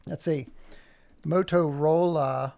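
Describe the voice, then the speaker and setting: A man's voice: a little high, fairly even intonation, slow pace, vocal fry, darkish tone, no room sound. A man in his forties chatting casually on a livestream, joking and rambling to himself while he animates. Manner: joking, rambling self-talk while working. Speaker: animator streaming live.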